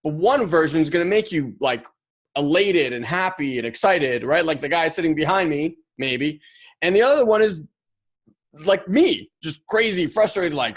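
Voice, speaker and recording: A man hosts his podcast alone in a loose, casual monologue. He talks animatedly and slips into little acted-out voices for the thoughts he quotes. His voice sits a touch high for a man. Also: lively intonation, moderate pace. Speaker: podcast host.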